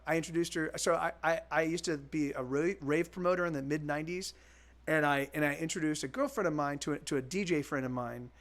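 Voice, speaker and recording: A man in his forties with a slightly high, fairly bright voice. He's a musician chatting casually with his stream viewers, rambling, restarting and repeating himself often, and swearing freely.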